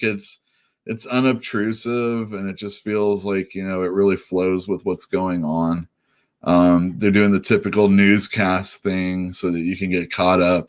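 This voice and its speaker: A man hosting a comic shop show, chatting casually about comic books and rambling with lots of fillers and restarts. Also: deep voice. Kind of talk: casual chat.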